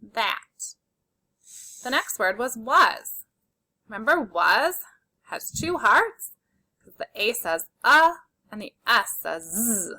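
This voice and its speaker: A woman's voice: on the high side, big pitch swings, slow, pushed and bright. A woman teaching a spelling lesson to young children, patiently sounding out letters and praising their work. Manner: encouraging and praising.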